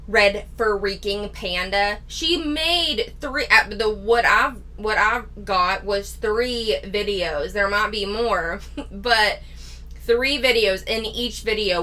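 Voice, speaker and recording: A woman's voice: medium pitch, slow pace, bright, forceful tone. A woman hosting a reaction commentary, talking in a candid, critical and sarcastic way. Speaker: commentary channel host.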